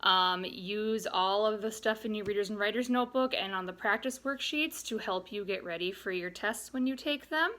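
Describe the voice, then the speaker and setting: A woman's voice: medium pitch, fairly bright tone. A woman, a young adult teacher explaining vocabulary and spelling patiently to young students in a remote lesson. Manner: patient, explains slowly with examples. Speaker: third grade teacher.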